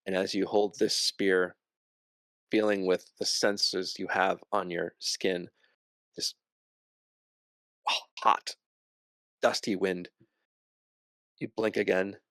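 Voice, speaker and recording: A man narrating a tabletop game as game master, describing scenes slowly with pauses. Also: low-pitched, little pitch movement, fairly bright tone, no room sound.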